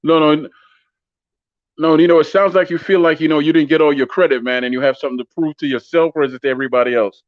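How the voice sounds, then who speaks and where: A man's voice: a little high, steady tone, quick pace, no room sound. Chatty co-host man in his fifties. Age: 50s. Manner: friendly, chatty, many fillers. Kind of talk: casual interview talk. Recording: dull lo-fi call audio.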